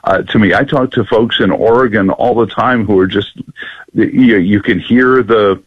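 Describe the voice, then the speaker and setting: A man who owns a local radio station, a guest on a political talk show, talking in animated bursts with restarts. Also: fairly low pitch, normal speed, breathy edge, no room sound, highs cut off. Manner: animated, many fillers and restarts.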